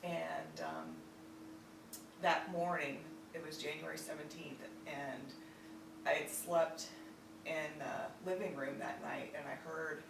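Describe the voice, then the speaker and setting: A woman's voice: low-pitched, creaky. Woman from virginia telling an old family story, lots of ums, distant mic, echoey room, faint hiss. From Virginia, United States. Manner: halting, with many fillers and restarts. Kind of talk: personal storytelling. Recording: roomy echo, distant mic, faint noise.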